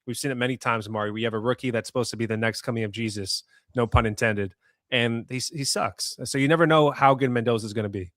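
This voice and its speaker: A man's voice: medium pitch, fast, fairly bright tone, no room sound, clean studio sound. A man hosting a sports podcast, chatting casually and reading out listener comments. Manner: conversational, reads listener comments. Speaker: podcast host.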